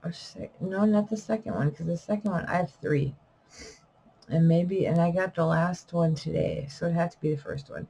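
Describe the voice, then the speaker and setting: A woman's voice: lowish voice, normal speed, gravelly, mellow, husky, rough recording. A middle-aged woman talking casually to camera in an unedited vlog, rambling and correcting herself, a little wheezy. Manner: rambling, trailing off with fillers and self-corrections. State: wheezing, coughing. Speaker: vlogger and self-published poet.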